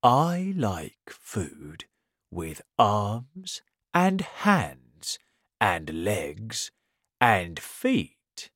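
A woman voicing a greedy, sly male crocodile in a children's story, slow and drawn out. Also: very deep voice, huge pitch swings, a bit bright, dry recording, studio quality, full character voice.

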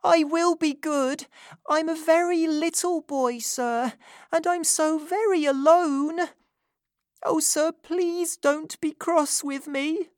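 A man's voice: very high voice, fairly even intonation, takes it slowly, dry recording, studio quality, pitched above the performer's own voice. A man voicing a small, frightened orphan boy who pleads timidly in a storybook reading. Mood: timid pleading.

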